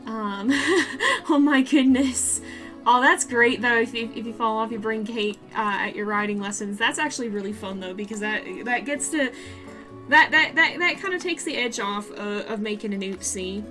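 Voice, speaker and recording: A woman's voice: fairly high pitch, pushed and bright, soft background music. A woman with a Southern US accent streaming a building game, chatting and rambling to her viewers and laughing easily. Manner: chatty, rambling, quick to laugh, talks straight to her chat. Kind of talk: casual live-stream chat while building in a game.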